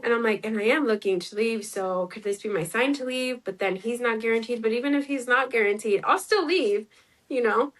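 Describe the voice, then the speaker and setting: A woman's voice: fairly high pitch, brisk, rough recording. A woman in her twenties, an interview guest, telling a personal story in a chatty way, acting out what people said and using lots of fillers. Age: 20s. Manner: chatty, acts out quoted dialogue, many "like" fillers.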